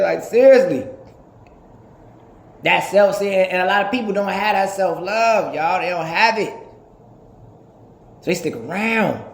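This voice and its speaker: A man in his thirties talking in a casual, animated, profane podcast monologue, laughing often. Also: high voice, vocal fry, reverberant. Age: 30s. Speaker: podcast host.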